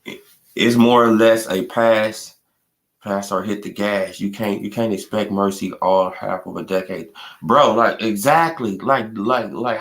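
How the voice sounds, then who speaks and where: A young man ranting in a casual live stream, trash-talking with lots of repetition and bursts of loud laughter. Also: medium pitch. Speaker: boxing commentary streamer.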